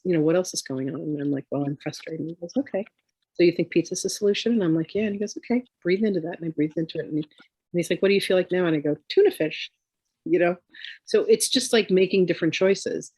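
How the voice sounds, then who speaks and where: A woman's voice: low-pitched, darkish tone, dry recording. Chatty woman telling rambling stories. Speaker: spiritual teacher. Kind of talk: casual chat.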